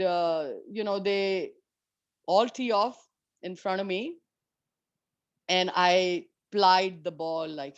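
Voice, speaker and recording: A woman golfer telling stories of her years on tour in an interview, animated and candid, swearing freely. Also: mid-range voice, no echo, dull audio. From India. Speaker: professional golfer guest. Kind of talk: storytelling in an interview.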